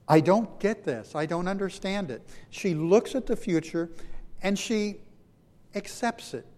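A man's voice: high voice, darkish tone, big-room sound. A man preaching a sermon as pastor, with dramatic emphasis that swells and drops, stretching out key phrases. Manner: dramatic, rising and falling emphasis with slowed phrases.

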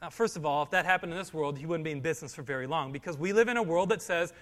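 A male pastor preaching, his voice rising and pressing hard on the scripture he reads aloud. His voice sits high for a man. The sound carries a long reverb, as if in a large hall. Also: rapid-fire, few pauses, fairly bright tone. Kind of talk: sermon.

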